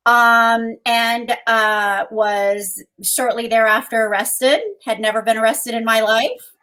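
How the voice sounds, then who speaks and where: Co-host, woman: earnest personal account, a touch high-pitched, lots of ums. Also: fairly even intonation, slow, pushed and bright. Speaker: co-host and guest. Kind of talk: personal storytelling in conversation.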